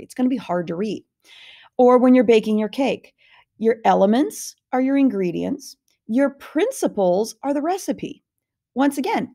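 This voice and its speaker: A woman's voice: medium pitch, gravelly, dark tone. A woman art teacher lecturing over slides, explaining step by step with fillers and small self-corrections.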